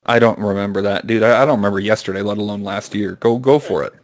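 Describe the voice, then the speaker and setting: A man co-hosting a podcast, trading jokes in a dry, offhand deadpan. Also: fairly low pitch, quick pace. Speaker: podcast co-host. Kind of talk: casual joke-telling chat.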